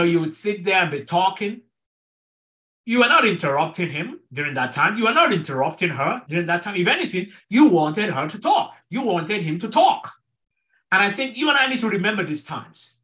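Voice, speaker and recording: Bright-voiced pastor teaching marriage. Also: male voice, high-pitched. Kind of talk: online sermon-style teaching.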